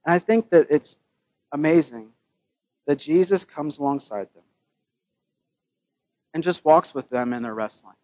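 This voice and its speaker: A man's voice: a little high, lively intonation, measured pace, pauses often, a little mellow, dry recording. A man preaching a sermon in a casual, joking way, with his own scripture readings mixed in. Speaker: pastor.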